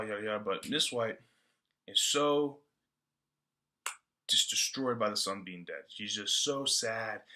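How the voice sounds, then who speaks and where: Slangy young man with a bright voice. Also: lowish voice. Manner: loose, slangy, full of fillers. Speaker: student presenter. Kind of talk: casual book-report talk.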